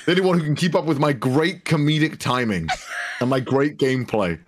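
A man's voice: fairly high pitch, fairly quick, a little hiss or hum. A man streamer in casual banter, smugly teasing and mock-stern with his co-host.

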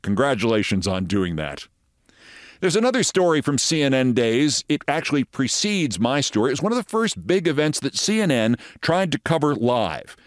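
A man's voice: mid-range voice, sing-song, normal speed, no echo, studio quality. A man in his sixties hosting a commentary show, telling anecdotes in a wry, conversational way. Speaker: show host.

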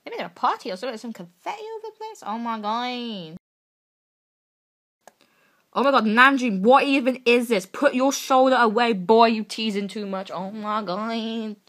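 A woman's voice: a little high, animated, moderate pace, a bit bright. A young woman hosting a reaction video, gushing, gasping and teasing as she reacts to photos one by one.

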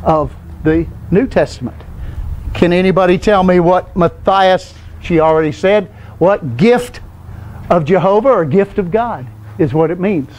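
His voice is high, a little slow, with a darkish tone. He teaches an informal Bible study, talking conversationally, explaining loosely and often stopping to put questions to the class.

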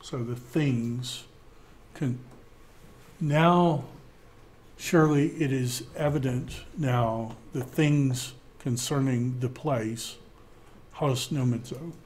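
A man teaching a Greek class, thinking aloud, with many fillers and pauses. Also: medium pitch, a little mellow, a little hiss or hum.

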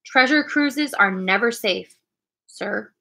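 A woman's voice: a little high, slow pace, vocal fry, bright, forceful tone, full character voice. A woman voicing a stern, blunt ship's captain in a storybook reading. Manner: blunt, disapproving.

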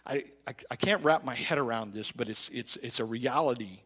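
A pastor in a church sanctuary preaches in a loose, conversational way, often restarting and repeating himself. He rises into loud, emphatic bursts, then drops into quiet reflection, his medium-pitched voice moving a little fast.

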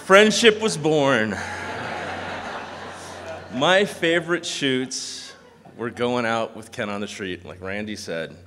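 A man giving a memorial speech, telling animated anecdotes and mimicking voices. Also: mid-range voice, slow, pauses often, slight background noise. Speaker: eulogy speaker. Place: large hall. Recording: long hall reverb.

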